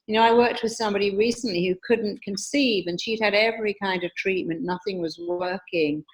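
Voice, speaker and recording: A woman, a hypnotherapist explaining her ideas calmly and emphatically in an interview. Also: medium pitch, a little fast, few pauses. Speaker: hypnotherapist and guest speaker. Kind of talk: teaching in an interview.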